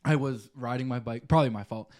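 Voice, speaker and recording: A young man co-hosting a podcast, telling stories in an animated way, swearing and laughing often. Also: mid-range voice, fast talker. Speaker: podcast co-host. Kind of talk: casual chat.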